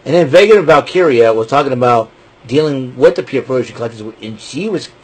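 A man hosting a wrestling recap show, rambling casually with joking asides and a husky voice. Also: medium pitch, lively intonation, brisk.

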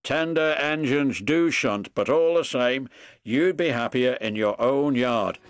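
A man's voice: mid-range voice, measured pace, clear, resonant tone, no echo, clean studio sound, close to an everyday voice. A man voicing a stern portly male railway boss who speaks in a firm, proper way. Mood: kind.

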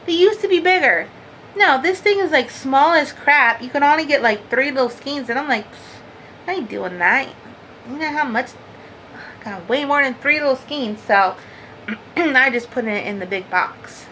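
A woman's voice: high voice, moderate pace, fairly bright tone, a little hiss or hum, poor audio. A woman hosting a crafting vlog from home, talking casually to the camera in a rambling, chatty way with frequent laughs and lots of "like". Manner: chatty and rambling, laughs often, says "like" a lot.

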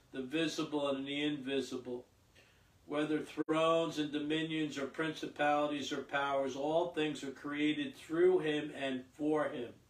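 Man, priest, slow halting homily, echoey church, heard from a distance. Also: fairly high pitch. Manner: slow, halting delivery with fillers and repeats. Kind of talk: Mass readings and homily.

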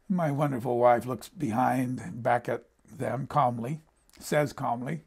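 A man's voice: mid-range voice, takes it slowly, creaky, slightly rough. An older American man giving a sermon, telling personal stories in a conversational way and often repeating words as he restarts a sentence. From United States. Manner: conversational storytelling, repeats words when he stumbles. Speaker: preacher.

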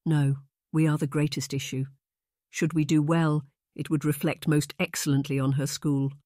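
A narrator voicing a composed, sharp-tongued young lady who speaks flat and measured. Read close and dry as an audiobook character. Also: mid-range voice, no room sound, close to an everyday voice.

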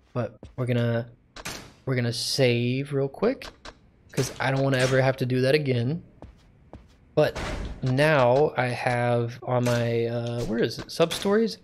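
A man's voice: medium pitch, a little hiss or hum. A man streaming a video game live, chatting casually, reacting to the game and answering chat.

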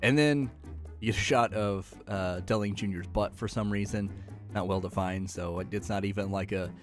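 A man's voice: fairly low pitch, fairly even intonation, moderate pace, soft background music. A man giving a casual episode recap, joking, slangy and full of sarcastic asides. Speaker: anime recap host.

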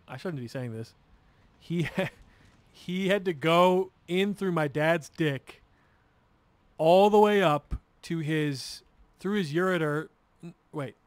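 A gamer streamer with a slightly high voice, recorded dry, rambles through a long story as he plays. He swears freely and keeps restarting his sentences.

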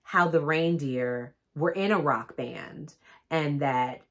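A woman's voice: low voice, slow. A woman vlogger reading a picture book aloud with chatty, joking asides. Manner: animated, chatty asides, laughs at own jokes.

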